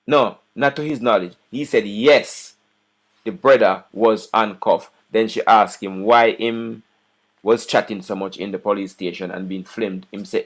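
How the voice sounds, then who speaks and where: A man with a Jamaican accent casually retelling and mocking a news clip. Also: lowish voice. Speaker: online commentator.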